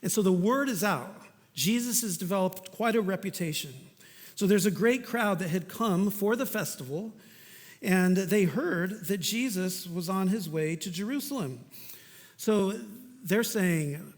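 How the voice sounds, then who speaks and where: This sermon comes from a male pastor whose fairly high voice carries the long reverb of a church hall. He speaks at a measured pace, earnest and conversational, slipping in casual asides.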